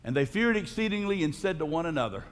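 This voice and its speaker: A pastor preaches to his congregation with a fairly high voice. He drives his points home with sudden loud, soaring emphasis. The sound carries a long reverb from the church hall around him. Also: very animated, quick pace. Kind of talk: sermon. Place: church sanctuary.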